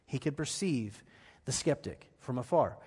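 A male pastor preaching a sermon in a church, emphatic, repeating his phrases and dropping to a hush at times. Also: medium pitch, animated, a little slow, breathy edge, big-room sound. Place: church sanctuary.

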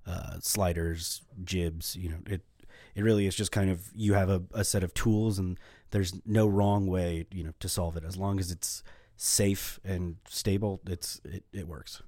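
A man with a very low, mellow voice, chatting as a guest on a podcast. He talks in a relaxed way with lots of fillers. The recording is dry, with no room sound. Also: unhurried, dry recording. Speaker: podcast guest, grip and gear crew member. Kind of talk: casual podcast chat.

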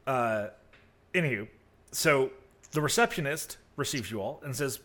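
A man's voice: medium pitch, animated, normal speed, fairly bright tone. A man running a tabletop game as game master, narrating casually with many fillers and restarts. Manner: casual, rambling, full of fillers.

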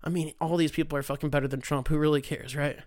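A man's voice: a little high, fairly even intonation, fast talker, a little mellow, no room sound, clean studio sound. A young man, hosting a casual solo talk show in a profane, rambling, sarcastic way. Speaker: podcast host.

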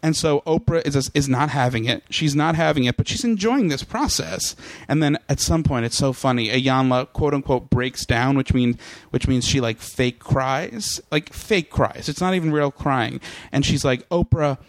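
A man's voice: medium pitch, moderate pace, hardly any pauses, dry recording. Young guy guest on a podcast, riffing and doing mocking voices, dry close sound. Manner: animated, mocking impressions, laughs often. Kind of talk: casual comedic storytelling.

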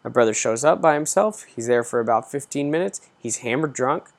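A man's voice: medium pitch, expressive, a little fast, gravelly. A man in his thirties hosting a podcast, telling an exasperated story in a casual, profane ranting way. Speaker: podcast host.

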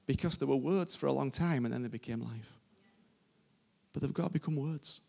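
Gravelly preacher man. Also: mid-range voice, brisk, a little mellow. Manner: informal, emphatic, repeats phrases. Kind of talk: sermon. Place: church service before a congregation.

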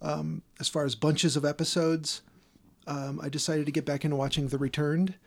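A man's voice: a little high, level tone, moderate pace, creaky. A man co-hosting a podcast, chatting casually, teasing and laughing often. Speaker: podcast co-host. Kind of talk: casual chat.

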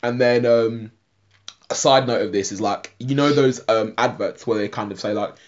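A man's voice: mid-range voice, moderate pace. A man co-hosting a casual podcast, retelling an episode in a rambling way, full of "like" and frequent laughter. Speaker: podcast co-host. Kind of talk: casual film and TV review chat. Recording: dull lo-fi podcast audio.

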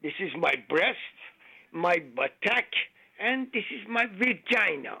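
A man's voice: sits high, expressive, slow pace, gravelly, sharp tone, breathy edge, exaggerated voice. A man voicing a matter-of-fact, bossy brothel madam in a spoken joke. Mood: commanding. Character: brisk brothel madam woman.

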